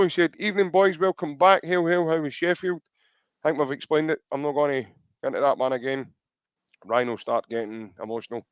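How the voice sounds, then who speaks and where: A chatty Scottish man hosts a casual podcast, reading listener comments aloud and calling his co-host mate. His voice sits a little high. The recording is dry and a bit dull, like a lo-fi mic. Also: dry recording.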